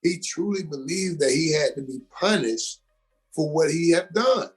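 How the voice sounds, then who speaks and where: Husky-voiced man telling a story. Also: fairly high pitch, normal speed. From Georgia, US. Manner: animated, emphatic storyteller. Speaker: actor and comedian guest. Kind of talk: casual interview storytelling.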